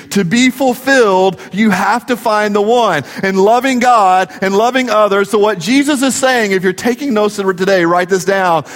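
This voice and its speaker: A middle-aged man preaches with a high, light voice, mixing jokes and family stories into his sermon. His words ring out with a long hall reverb around them. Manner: jokey, storytelling preacher. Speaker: pastor.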